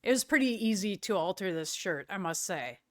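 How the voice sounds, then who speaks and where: A woman's voice: mid-range voice, lively intonation, brisk, no room sound, clean studio sound. A middle-aged woman streaming live, chatting casually with viewers in a rambling way and often searching for words.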